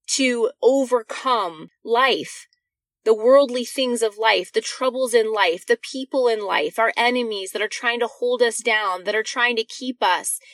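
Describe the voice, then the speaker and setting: A woman's voice: a little high, a bit bright, no room sound. A woman giving an earnest devotional talk to women, reading scripture verses and speaking directly to her listeners with encouragement.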